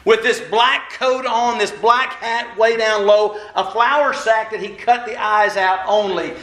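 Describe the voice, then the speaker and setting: A man's voice: high-pitched, steady tone, unhurried, fairly bright tone. A man giving a folksy, self-deprecating sermon as a minister, walking around as he talks. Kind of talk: conversational sermon. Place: church hall. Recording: echoey church hall.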